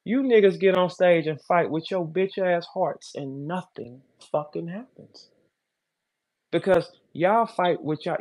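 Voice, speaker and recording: A middle-aged man, a battle rapper delivering a taunting, boastful, profane rant. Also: a little high. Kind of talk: ranting monologue.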